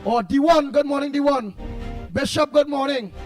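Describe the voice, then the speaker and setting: A man with a Trinidadian accent hosting a call-in talk show, reading out listener comments in an animated way and bursting into shouts. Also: very high voice, moderate pace, faint music behind. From Trinidad and Tobago. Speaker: radio talk show host.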